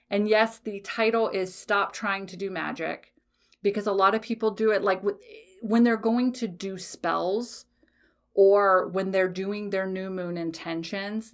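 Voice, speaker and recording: A woman hosting a podcast in a casual, motivational way, blunt and emphatic with plenty of swearing. Her voice sits at an ordinary middle pitch, and she keeps checking in with her listeners. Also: fairly bright tone. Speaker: podcast host.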